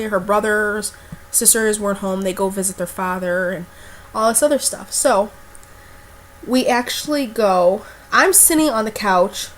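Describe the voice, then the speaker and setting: This is a young woman telling a story straight to her viewers in a loose, rambling way. She is blunt and swears freely, piling on fillers as she goes, and her voice sits at an ordinary pitch for a woman. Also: slight background noise. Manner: chatty, blunt and profane, with lots of fillers. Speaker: vlogger. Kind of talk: casual storytelling to camera.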